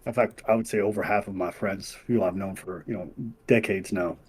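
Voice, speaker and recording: A man's voice: low voice, fairly even intonation, a little fast, breathy edge. Laid-back man from Montreal. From Montreal, Canada. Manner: laid-back, hedging with fillers like "uh" and "I'm not gonna lie". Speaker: guest interviewer. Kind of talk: casual conversation.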